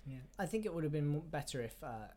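Fast-talking young man reviewing a film. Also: a little high, expressive, darkish tone. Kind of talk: casual film review chat.

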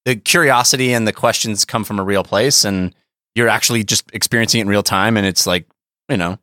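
A man co-hosting a comedy podcast in casual chat, easygoing and quick to laugh. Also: on the low side, bright, forceful tone, no echo, clean studio sound. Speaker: podcast co-host.

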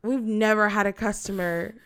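A woman's voice: medium pitch, normal speed, smooth. A young woman in casual chat, animatedly telling a story and acting out the people in it. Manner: animated storytelling, acts out quoted customers.

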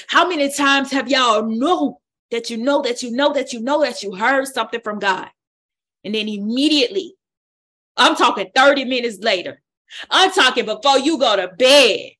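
A woman leading a Bible study, preaching with a lively exhorting style and colloquial speech. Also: fairly high pitch. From United States. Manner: exhorting, call-and-response, colloquial.

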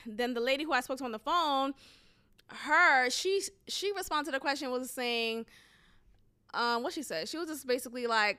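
Animated woman venting in a vlog. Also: sits high, moderate pace. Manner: animated, venting, frequent fillers and swearing. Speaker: educator. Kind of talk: casual storytime vlog.

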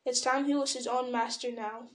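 A woman's voice: a little high, fairly even intonation, moderate pace, close to an everyday voice. A woman reading old hobbit Bilbo, fretful and stubborn. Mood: weary. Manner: fretful, turns sharp and defensive. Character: elderly male hobbit, fussy, stubborn, possessive.

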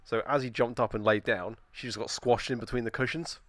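A man in casual podcast chat, telling a funny anecdote in an animated, sweary way. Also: mid-range voice, fairly quick, no echo.

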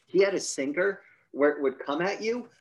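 A man's voice: fairly high pitch, moderate pace, lo-fi sound. A man co-hosting a podcast, telling a long story in casual chat, swearing freely and acting out the people in it. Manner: animated, swears freely, acts out quoted voices. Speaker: podcast co-host.

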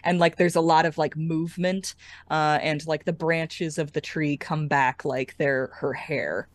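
Slow, low-voiced woman game master. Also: fairly even intonation, no echo. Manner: rambling, hesitant, with many fillers. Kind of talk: narrating a tabletop game.

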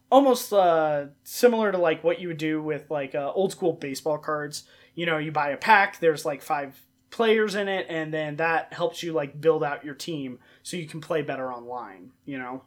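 Slightly high-voiced laid-back male host. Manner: laid-back, explains with many fillers. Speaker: podcast host. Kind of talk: casual chat.

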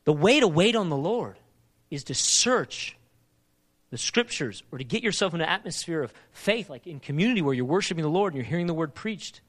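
A man preaching a sermon, asking emphatic repeated questions and moving between urgent loud passages and quieter reflective talk. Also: a little high, expressive, brisk. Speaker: pastor.

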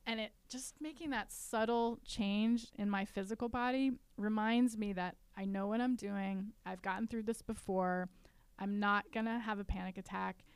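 A woman's voice: medium pitch, steady tone, moderate pace, clean tone, no room sound. A woman, an author, talking through her coping steps in a casual podcast conversation, earnest and self-deprecating. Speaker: author and guest.

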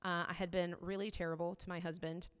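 A woman's voice: fairly low pitch, level tone, quick pace, smooth. Woman preaching in a reverberant hall. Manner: conversational, candid, many "like" fillers. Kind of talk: sermon.

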